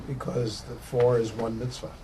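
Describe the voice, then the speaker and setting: A male student in a study class answers the teacher, reasoning slowly and offering ideas as questions. His voice sits at a middling pitch. Clear background noise runs under the recording. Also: level tone, warm tone, poor audio. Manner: thinks aloud, tentative questions. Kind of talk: class discussion.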